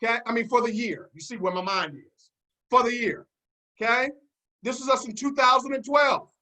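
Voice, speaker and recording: Bright-voiced preachy motivational speaker man. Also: very high-pitched, moderate pace, low-quality recording. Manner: preachy call-and-response, confident, repeats key phrases. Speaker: network marketing team leader. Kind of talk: motivational seminar talk.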